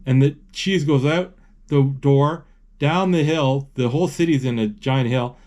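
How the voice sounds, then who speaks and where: A man casually retelling a film as he watches it, halting and searching for words, with excited exclamations. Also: mid-range voice. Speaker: movie narrator.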